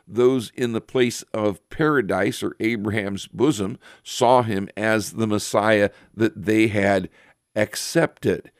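A man giving a Bible teaching, reading verses aloud and explaining them with frequent pauses and fillers. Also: medium pitch, no echo, clean studio sound.

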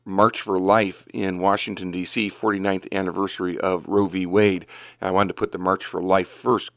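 A man's voice: sits low, dry recording, studio quality. Older man hosting a Christian radio talk. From Northeast Ohio. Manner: rambling and unhurried, with many "uh" fillers and restarts. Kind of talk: casual radio talk with prayer and scripture reading. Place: radio studio.

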